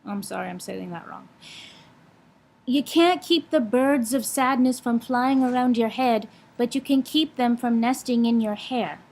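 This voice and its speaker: A woman's voice: a little high, measured pace, a little mellow, a little hiss or hum. A young woman vlogging in a blunt, frank way, swearing freely while she lectures and gives advice. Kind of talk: casual vlog talk.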